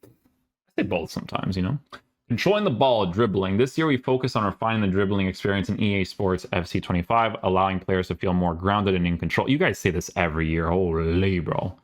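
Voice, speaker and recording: Male gamer host, deep voice, offhand sarcastic reactions while reading patch notes. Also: fairly quick. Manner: casual, sarcastic asides, many fillers. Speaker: gaming YouTuber.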